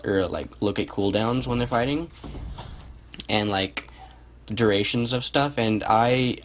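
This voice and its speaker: Low-voiced man narrating his own match. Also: a little hiss or hum. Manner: relaxed, self-correcting, thinks aloud. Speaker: gameplay commentator. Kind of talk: casual match commentary over gameplay. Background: music.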